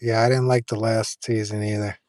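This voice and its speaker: A man's voice: on the low side, little pitch movement, a little fast, darkish tone, no room sound. A man chatting casually with viewers on a live stream, rambling with fillers and restarts.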